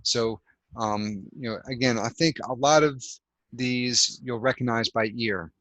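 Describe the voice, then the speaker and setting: A man's voice: mid-range voice, unhurried, a bit bright, no room sound, low-quality recording. A man teaching an English grammar lesson over a video call, explaining patiently step by step with lots of fillers. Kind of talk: online language lesson.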